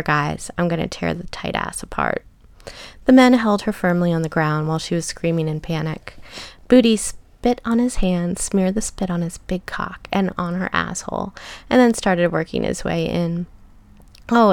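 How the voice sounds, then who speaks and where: A woman narrating a story in a soft, measured reading that often drops to a whisper. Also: lowish voice, creaky, dry recording.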